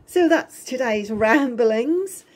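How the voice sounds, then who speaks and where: Slow and expressive, her voice a little high, a middle-aged woman chats her way through a rambling lockdown diary vlog at home in Spain, frequently breaking into giggles.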